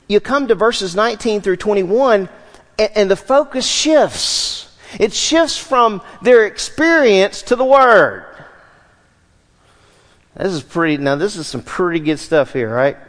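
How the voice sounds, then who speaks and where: High-voiced pastor preaching in a reverberant hall. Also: male voice, unhurried. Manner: animated, asks the congregation questions. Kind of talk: expository sermon.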